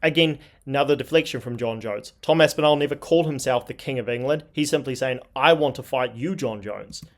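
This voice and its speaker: Speaking fairly quickly with hardly any pauses, a man with a mid-range voice hosts MMA commentary. He scornfully and indignantly reads tweets aloud, sharing strong opinions.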